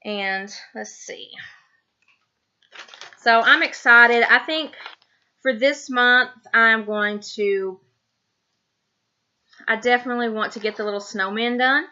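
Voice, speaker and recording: A woman's voice: a little high, slow pace, long pauses, sharp tone, muffled recording. A woman in her thirties from Tennessee with a Southern accent, chatting casually to camera in a rambling way with many ums. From Tennessee, USA. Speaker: craft vlogger.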